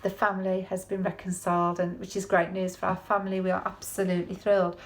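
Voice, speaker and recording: A woman's voice: medium pitch, flat delivery, quick pace. Chatty woman preaching. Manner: chatty, folksy, with tag questions to the listener. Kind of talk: conversational sermon.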